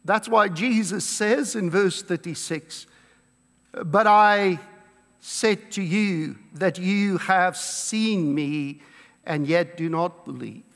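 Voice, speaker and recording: A pastor preaching a sermon to his congregation, emphatic, slowing down to stress key words. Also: high voice. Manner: emphatic preaching with slow, drawn-out stresses and quoted scripture. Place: church. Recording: long reverb of a church hall.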